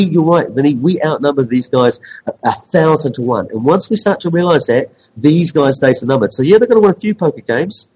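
A journalist man in casual chat, telling a story with lively animation. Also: mid-range voice, slightly rough, low-quality recording.

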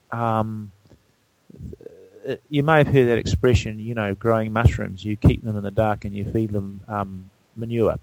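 A man with a gravelly, creaky voice talks as a guest in a relaxed conversation. He speaks haltingly and restarts his sentences often. The recording is dry, with no room echo. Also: lowish voice. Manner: halting, many restarts and fillers. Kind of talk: casual conversation.

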